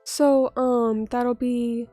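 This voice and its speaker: Woman streamer, high voice, recovering from a cold, chatty and self-mocking, dry close mic. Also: level tone, very slow, dark tone, dry recording, faint music behind. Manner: chatty, self-deprecating, swears casually. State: still sick, recovering from illness. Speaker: vtuber streamer. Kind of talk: casual livestream chat, reading viewer comments aloud.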